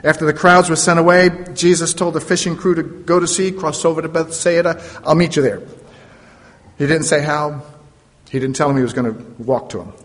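A man's voice: fairly high pitch, steady tone, fairly quick, a bit bright. A man preaching a sermon, retelling a story dramatically with playful asides. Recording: long reverb of a large hall.

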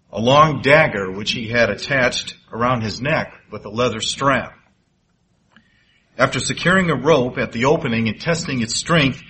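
A man's voice: mid-range voice, a bit bright, a little hiss or hum, rough recording. A man preaching, telling a moral parable in dramatic storytelling fashion. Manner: dramatic storyteller, rising for suspense and slowing for effect. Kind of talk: sermon storytelling.

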